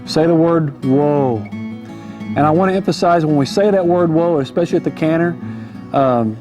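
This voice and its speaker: A man's voice: a little high, brisk. A man, a horse trainer, giving an easygoing, folksy riding lesson from horseback in an arena, repeating his key points. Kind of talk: instructional riding demonstration. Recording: music playing behind.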